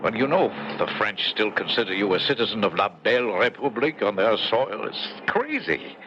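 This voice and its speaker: An actor playing a middle-aged American general, a wry, bantering husband, in a 1970s radio drama. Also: male voice, fairly low pitch, very animated, moderate pace. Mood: alarmed. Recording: muffled old radio broadcast with hiss.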